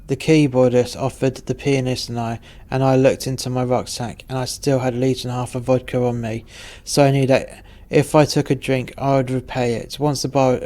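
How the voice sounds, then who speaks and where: Guy telling a boozy story, dry and sweary, pretty monotone, mid pitch. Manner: wry, profane, deadpan. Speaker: narrator. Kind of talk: storytelling narration.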